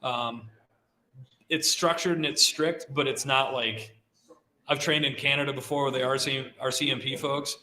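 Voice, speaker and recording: A middle-aged man who handles avalanche dogs gives a casual talk to a live audience, relaxed and chatty with lots of "like" fillers. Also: mid-range voice, normal speed. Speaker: guest speaker, avalanche dog handler. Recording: roomy hall sound.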